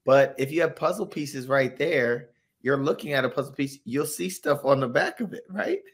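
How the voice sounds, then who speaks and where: A man co-hosting a casual recap chat, relaxed and rambling. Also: medium pitch, moderate pace, breathy edge. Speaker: co-host.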